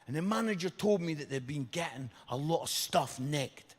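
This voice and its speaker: Man, comic storyteller in a church hall, animated with shouted punchlines, slightly high voice, long hall echo. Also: moderate pace. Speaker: guest comedian speaker. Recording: echoey hall reverb.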